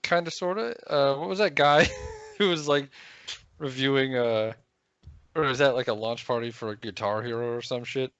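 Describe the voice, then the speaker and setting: A man's voice: mid-range voice, moderate pace, a bit bright, clean tone, no echo. A man co-hosting a casual podcast chat, rambling with fillers and crude swearing. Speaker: podcast co-host. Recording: dry, dull podcast mic.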